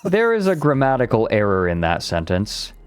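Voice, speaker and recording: A man's voice: on the low side, wildly swooping pitch, moderate pace, smooth, faint music behind. A man streaming, reading a document aloud and picking apart its grammar in a thoughtful, laughing way. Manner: thoughtful, nitpicky, laughing along. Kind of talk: casual analytical stream chat.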